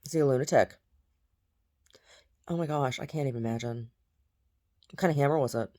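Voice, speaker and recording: Brief: a woman with a deep, low voice, talking casually, blunt and agitated, heavy on profanity. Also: a little fast, warm tone. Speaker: vlogger. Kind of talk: casual vlog rant.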